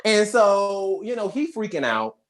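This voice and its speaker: A young adult woman co-hosting a podcast, casually retelling a movie plot in slangy, animated storytelling. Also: medium pitch, unhurried. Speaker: podcast co-host. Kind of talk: casual movie recap chat.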